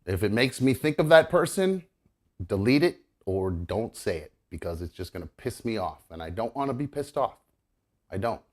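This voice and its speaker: A man's voice: on the low side, very animated, moderate pace. A man hosting his own talk show, ranting angrily with heavy swearing and lots of rambling fillers. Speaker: podcast host. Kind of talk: casual solo talk show.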